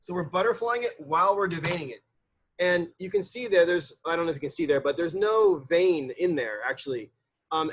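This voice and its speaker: Husky, chatty male chef. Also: high voice, a bit bright. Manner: chatty, loose, with many fillers and restarts. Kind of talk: casual cooking demonstration.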